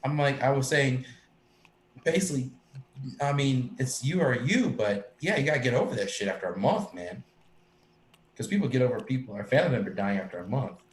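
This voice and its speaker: A man chatting casually on a live stream, rambling and swearing, with many restarts. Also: mid-range voice. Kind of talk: casual chat. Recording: echoey room with faint ambient noise.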